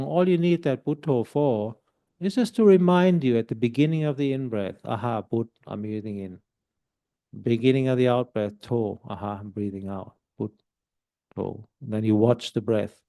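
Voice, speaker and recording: A Buddhist monk with a medium-pitched voice gives calm, explanatory meditation instruction at a retreat centre. Now and then he softly demonstrates a mantra.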